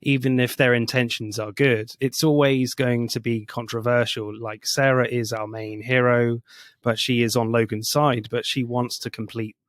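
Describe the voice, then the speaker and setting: A man talks through a film at length, laying out its scenes and characters with steady, analytical care. His voice sits at an ordinary middle pitch. The sound is dry and close, with no room around it. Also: moderate pace, no echo. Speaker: podcast co-host. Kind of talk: casual film discussion.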